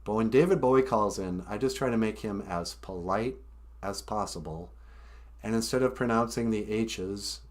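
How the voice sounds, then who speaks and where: A man's voice: lowish voice, moderate pace. A man hosting a casual live stream, chatting about how he does his impressions. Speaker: host.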